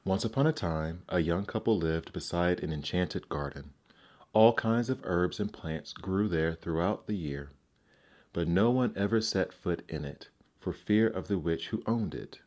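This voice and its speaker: A man narrating classic fairy tales aloud in a measured, gentle storybook manner. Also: low-pitched, lively intonation.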